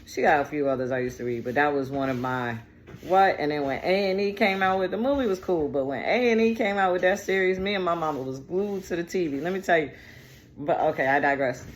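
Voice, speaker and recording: A woman's voice: low-pitched, lively intonation, fast, a little hiss or hum. A woman giving a casual tarot reading, chatty and digressive, with slang and profanity. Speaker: tarot reader.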